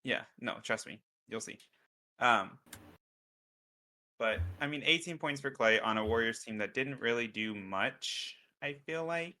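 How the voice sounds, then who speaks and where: A man's voice: medium pitch, lively intonation, unhurried, bright, forceful tone. A man co-hosting a casual sports podcast, talking loosely and joking. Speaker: podcast co-host.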